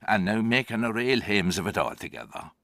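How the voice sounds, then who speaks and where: A man voices an old Irish farmer who is still haunted by the cattle he lost. His voice sits low and gravelly and swings widely in pitch as he spins a wry monologue. The sound is dry and close. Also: animated, brisk, bright, forceful tone, no echo. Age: older. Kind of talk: theatrical monologue.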